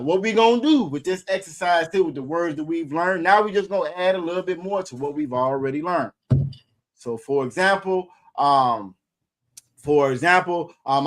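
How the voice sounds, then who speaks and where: Man, slightly high voice, casual language lesson, repetitive, many fillers. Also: brisk, a bit bright. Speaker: Hebrew language teacher.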